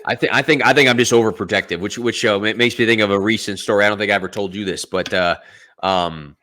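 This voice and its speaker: A man's voice: lowish voice, steady tone, fast talker, bright, forceful tone. A man on a casual podcast, telling stories in a rambling way and acting out the dialogue. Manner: rambling storyteller who acts out dialogue. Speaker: podcast host.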